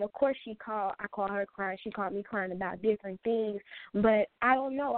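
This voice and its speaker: A woman's voice: mid-range voice, no room sound. Young woman guest, earnest and repetitive, over a dry video call. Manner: heartfelt, repeats herself for emphasis. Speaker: guest, best friend. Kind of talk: emotional tribute in a talk show. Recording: tinny phone-line sound, dry.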